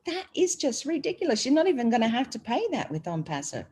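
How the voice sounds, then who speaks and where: A woman's voice: on the high side, big pitch swings, quick pace, a little mellow, husky. An Australian woman speaking in a casual online group discussion, chatty and rambling with frequent fillers. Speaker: panel speaker.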